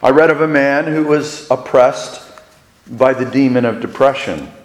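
A man preaching a sermon, telling a story slowly and deliberately with dramatic pauses. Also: mid-range voice. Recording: echoey hall with long reverb.

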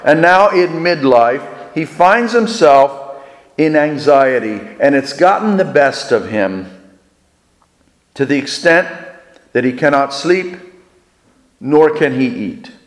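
A man preaching a sermon, telling a story slowly and deliberately with dramatic pauses. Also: a little high, animated. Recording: echoey hall with long reverb.

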